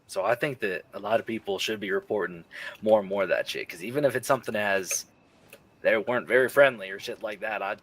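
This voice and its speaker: A man's voice: lowish voice, a little fast, fairly bright tone. A man chatting casually in character as a rancher, swearing freely and laughing often. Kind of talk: casual in-character roleplay chat.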